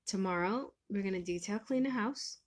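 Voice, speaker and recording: A woman, a life coach talking casually to camera, swinging between loud venting and a hushed, breathy calm. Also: mid-range voice, normal speed. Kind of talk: casual vlog monologue.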